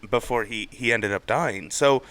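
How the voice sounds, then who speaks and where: A young man co-hosting a podcast in casual chat, animated and jumping high in pitch when he quotes others. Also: gravelly, background noise. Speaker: podcast co-host.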